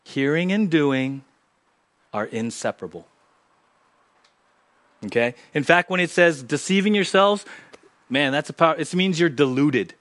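A pastor delivers a sermon in a church, his voice pitched a bit high for a man. He swings between loud, emphatic lines and soft, low asides to his congregation. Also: expressive, moderate pace, long pauses. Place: church sanctuary.

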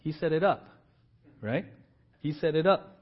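Husky casual pastor, muffled recording. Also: male voice, a little high, a little slow. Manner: casual, animated storytelling with slang. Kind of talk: sermon.

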